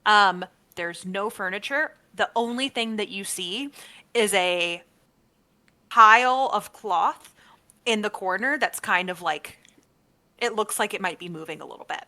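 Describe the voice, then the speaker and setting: A woman narrating as dungeon master, with brisk narration, frequent fillers and mid-sentence corrections. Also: mid-range voice, animated, sharp tone. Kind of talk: narrating a tabletop game.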